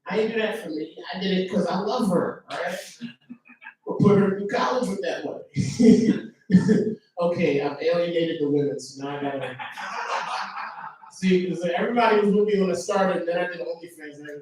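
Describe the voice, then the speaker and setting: A brash male comic works the crowd with casual slang and teasing jabs. His voice sits high. It is picked up from well off the mic in a very reverberant club. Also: normal speed, long pauses, a little mellow. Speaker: stand-up comedian. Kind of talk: stand-up with crowd work. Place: comedy club stage. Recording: very echoey club from far off.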